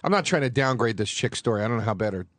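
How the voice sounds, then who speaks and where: A man's voice: medium pitch, lively intonation, very fast, a bit bright, no room sound. A man talking as a guest on a radio show, rambling with restarts and casual swearing, at a studio microphone. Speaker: guest comedian.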